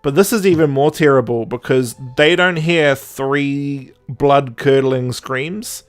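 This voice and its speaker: A man's voice: medium pitch, slow, clean tone. A young man co-hosting a podcast, rambling and sarcastic in casual chat, laughing often. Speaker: podcast co-host.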